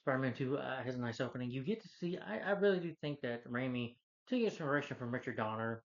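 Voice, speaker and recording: A man's voice: mid-range voice, lively intonation, quick pace, lo-fi sound. A man giving a casual, rambling, enthusiastic film review, retelling the plot.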